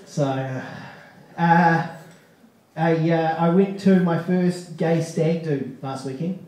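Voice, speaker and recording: Performing stand-up live in a comedy club, a man speaks in a rather high, warm voice at a slow, fairly even pace, sprinkling wry, conversational remarks with profane asides. A distant mic picks up echoey club sound along with a slight hiss or hum.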